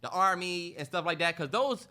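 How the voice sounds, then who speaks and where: A man with a high, bright voice swings his pitch widely as he co-hosts a casual podcast chat. He tells a story animatedly and acts out the lines people said to him. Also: normal speed. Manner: animated storyteller acting out quotes. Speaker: podcast co-host.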